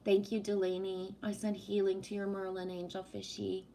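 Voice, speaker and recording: A woman's voice: medium pitch, completely flat delivery, moderate pace, vocal fry, mellow, slight background noise. A woman hosting a casual livestream, projecting her voice and affectionately calling viewers sweetie as she reads their comments. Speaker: livestream host reading chat. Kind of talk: casual live-stream chat with viewers.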